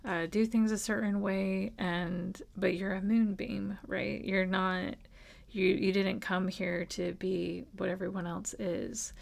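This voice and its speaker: A woman's voice: medium pitch, creaky. A woman giving an earnest, reassuring tarot reading at home, speaking casually and with emotion. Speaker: tarot reader. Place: at home with a dog.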